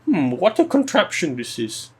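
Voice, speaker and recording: A pompous old nobleman barking orders at a peasant, as a man puts him on. His posh, mock-archaic exclaiming rides high and swoops all over, the voice of a comic aristocrat in a podcast skit. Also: huge pitch swings, moderate pace. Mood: delighted.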